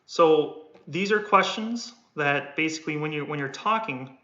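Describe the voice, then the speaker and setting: A man's voice: a little high, measured pace, sharp tone. A man coaching on sales in a casual livestream, rambling and repeating words while he acts out tones of voice, with keyboard typing behind him. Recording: echoey room, dull lo-fi sound.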